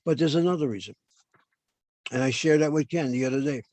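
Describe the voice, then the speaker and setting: A man's voice: fairly high pitch, a little fast, a little mellow, no echo. Older male professor lecturing over video call. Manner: explanatory, poses questions and answers them.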